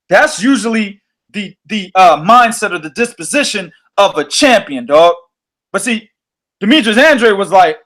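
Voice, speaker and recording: A man hosting a boxing podcast, telling stories in an animated, profane way. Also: sits high, moderate pace. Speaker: podcast host. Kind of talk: casual boxing podcast chat.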